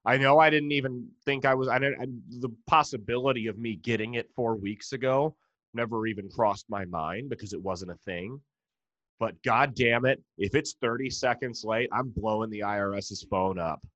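A man's voice: mid-range voice, normal speed, a bit bright, no room sound, lo-fi sound. A man with an American accent, a stand-up comedian delivering a profane, sarcastic rant.

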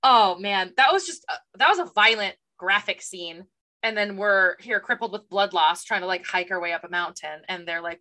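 A young woman co-hosting a book podcast in casual chat, animated and acting out characters' lines. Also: mid-range voice, moderate pace. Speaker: podcast co-host.

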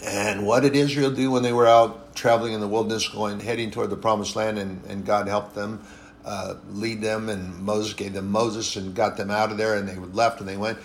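A man preaching a sermon in a conversational way, repeating phrases for emphasis and pausing to correct himself. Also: lowish voice, little pitch movement, a little hiss or hum. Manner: conversational, repetitive and emphatic, with frequent restarts and apologies.

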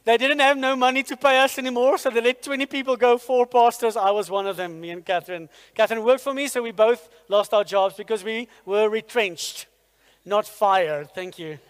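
A man preaching a sermon in a church, energetic and firing rhetorical questions at the congregation. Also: high-pitched, moderate pace, smooth. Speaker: pastor. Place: church hall. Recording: long hall reverb in a church.

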